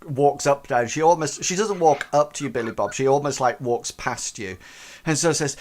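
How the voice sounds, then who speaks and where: A man's voice: mid-range voice, normal speed. A man narrating a tabletop game as game master, rambling with many fillers.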